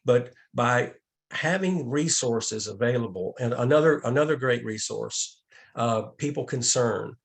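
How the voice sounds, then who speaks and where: A man giving a training talk on a video call as an outreach director, speaking calmly with frequent restarts and repeated words. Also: mid-range voice, unhurried, gravelly.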